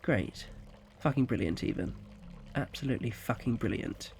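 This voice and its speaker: A man voicing a resentful, bitter adult son who mutters low and sarcastic. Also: expressive, normal speed, creaky, a little mellow, slight background noise. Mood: muttering.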